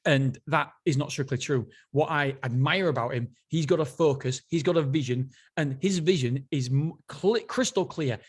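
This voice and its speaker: Alone on his podcast, a man gushes about a book in a rambling, casual review, frequently interrupting himself to start sentences over. His voice is a little high and slightly rough, moving at a moderate pace with hardly any pauses.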